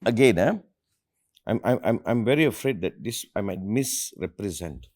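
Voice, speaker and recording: A man's voice: on the low side, animated, normal speed, darkish tone. A middle-aged man from India, hosting an earnest motivational talk with his family and repeating phrases for emphasis. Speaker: host and motivational speaker.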